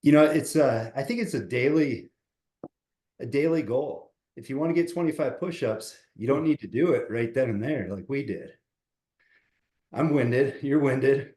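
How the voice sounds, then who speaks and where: A man's voice: mid-range voice, moderate pace, roomy sound. A man speaking as a motivational coach on a podcast, upbeat and encouraging, giving advice in a casual chat over a remote call. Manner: upbeat, counts push-ups loudly and out of breath.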